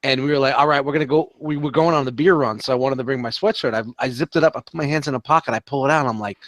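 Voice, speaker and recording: A man in casual chat, telling an animated story and swearing freely. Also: medium pitch, rapid-fire, no echo.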